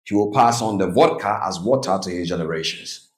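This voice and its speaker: A man's voice: low voice, a little fast. A man giving a live seminar talk on the psychology of trading, telling stories and putting questions to the audience. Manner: storytelling, engages audience with questions. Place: hall before a live audience. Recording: roomy echo.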